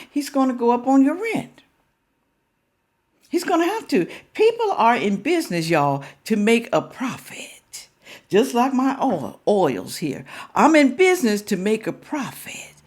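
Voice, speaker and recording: An older woman speaks straight to her viewers in a casual vlog, her pitch rising and falling widely as she presses her points. She throws rhetorical questions at the audience and leans hard on each point. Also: a little mellow. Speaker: reaction vlogger.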